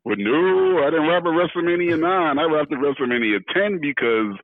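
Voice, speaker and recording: A rapper and entertainer, a man, telling animated stories as an interview guest and acting out the voices of others. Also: on the high side, normal speed, a little hiss or hum. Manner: lively, acts out quoted voices, laughs while telling. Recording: tinny dry phone-like audio.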